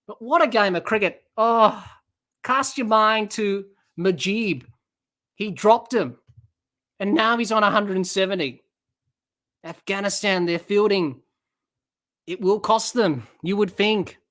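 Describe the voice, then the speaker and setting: A woman hosting a cricket podcast, giving live watch-along commentary in an excitable way, reading out listeners' comments and bursting into shouts at big shots. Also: medium pitch, takes it slowly, pauses often. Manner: reads out chat comments and chats to listeners.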